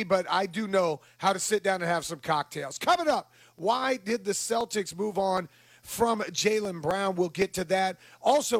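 A man's voice: sits high, fairly bright tone, no echo. A man hosting a sports talk radio show, chatting in an upbeat, easygoing way and laughing often.

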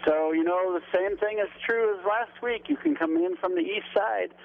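A man calling in by phone to a radio show. He talks in a cheerful, folksy way with homey phrases. The line sounds tinny and narrow, and his pitch is a little high. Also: lively intonation, moderate pace, gravelly. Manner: folksy, cheerful, says "by gosh". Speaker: deli owner, phone guest. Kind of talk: casual phone chat.

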